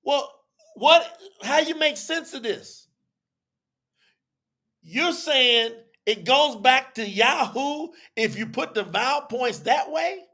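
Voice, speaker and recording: A man's voice: very high-pitched, expressive, takes it slowly, sharp tone. A man teaching a live audience on a religious telethon, chatty and repetitive, acting out both sides of an argument as he explains.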